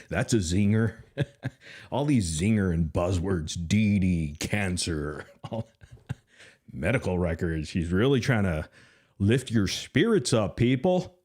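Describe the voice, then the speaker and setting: A man's voice: sits low, lively intonation, slow pace, a little mellow. A man hosting a livestream commentary, mocking and laughing often. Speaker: host.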